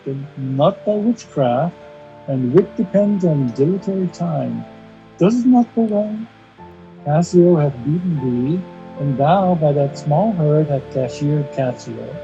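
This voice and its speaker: A hushed, scheming villain, as a man reads him aloud in a very dark, mellow voice. He speaks slowly and conspiratorially, plotting to himself. The audio is dull, lo-fi video call sound. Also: a little high. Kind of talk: amateur play read-aloud.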